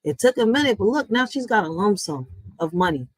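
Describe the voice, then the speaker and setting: A woman's voice: mid-range voice, big pitch swings, fairly quick, breathy edge, no echo, low-quality recording. Blunt, heated woman streamer. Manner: blunt and heated, swearing, with sudden loud and quiet swings; talks straight to viewers, often with "listen" and "y'all". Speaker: reaction streamer. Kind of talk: casual emphatic rant to a live chat.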